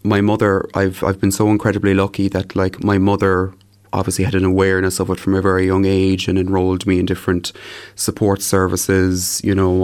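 A young man giving a measured, reflective personal account in an interview. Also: sits low, a little mellow, clear, resonant tone.

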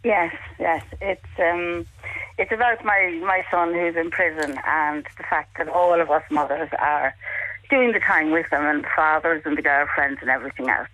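A woman speaking to a radio host over the phone about her son in prison, earnest and halting. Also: low-pitched, bright, forceful tone. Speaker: caller. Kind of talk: phone-in interview. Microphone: telephone. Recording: tinny phone line.

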